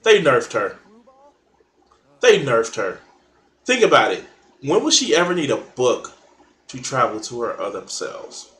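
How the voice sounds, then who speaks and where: A man's voice: mid-range voice, very animated, unhurried, long pauses, a bit bright, roomy sound. A man in casual chat, blunt and opinionated, swearing freely while arguing about comics.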